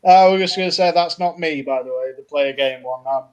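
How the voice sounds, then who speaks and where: A man comedian on a panel show, chatting in a relaxed, easygoing way. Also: fairly high pitch, fairly quick. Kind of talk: casual chat.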